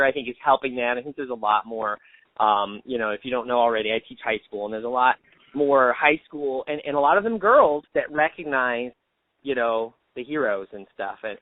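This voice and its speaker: A man who teaches high school, co-hosting a podcast in a relaxed chat, laughing easily and hedging with fillers. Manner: easygoing, laughs often, many fillers. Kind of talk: casual chat. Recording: tinny phone-like sound, dry.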